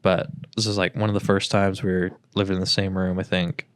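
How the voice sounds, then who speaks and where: A young man co-hosts a podcast and tells rambling childhood stories in a low voice. He acts out the quotes with a raised voice. The mic is close and dry. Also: level tone, brisk, clean tone, no echo. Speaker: podcast co-host. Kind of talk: casual chat.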